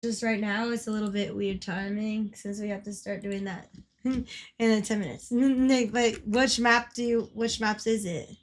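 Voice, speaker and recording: A woman's voice: medium pitch, fairly even intonation, moderate pace, slight background noise. A young woman livestreaming a game, chatting casually, laughing often and swearing freely. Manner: giggly, swears freely, teasing. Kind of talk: casual gaming stream chat.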